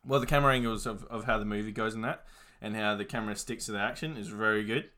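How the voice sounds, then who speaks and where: A man's voice: on the low side, quick pace, pushed and bright. A young man chatting casually about films, rambling with lots of fillers and swearing. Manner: laid-back, rambling, many fillers and swearing. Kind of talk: casual chat reviewing movies.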